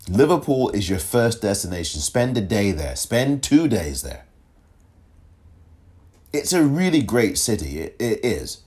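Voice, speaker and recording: Guy doing a solo politics podcast, lowish voice that jumps all over, really emphatic, keeps cutting himself off. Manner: animated, emphatic, self-interrupting. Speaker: podcast host.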